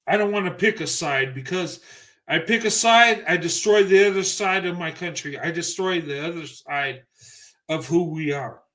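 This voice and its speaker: A man's voice: fairly high pitch, measured pace, fairly bright tone. A man ranting on a livestream, emphatic and profane, speaking in heated bursts. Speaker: livestream commentator. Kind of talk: ranting opinion monologue.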